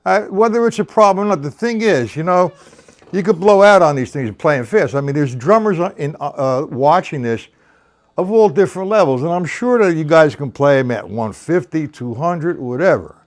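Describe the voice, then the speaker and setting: A man's voice: on the high side, lively intonation, normal speed. A man teaching a live-streamed drum lesson. He counts rhythms aloud, calls out stickings and talks to viewers by name. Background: drum kit.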